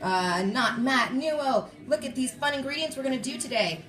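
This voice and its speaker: A woman's voice: sits high, animated, normal speed, few pauses, fairly bright tone, faint music behind. A young woman hosting a live stream from home, bubbly and playful, greeting viewers by name. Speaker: live show host.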